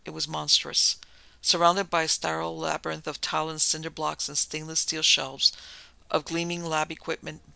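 Guy reading a thriller story, very gravelly, sharp bright tone. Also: on the high side, no room sound. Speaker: narrator. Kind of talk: scripted narration of a thriller story.

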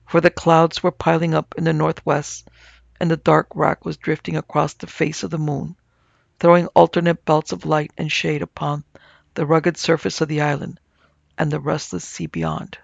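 Gravelly male audiobook narrator. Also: fairly high pitch, no echo, highs cut off. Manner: measured, even-toned storytelling. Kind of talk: scripted narration.

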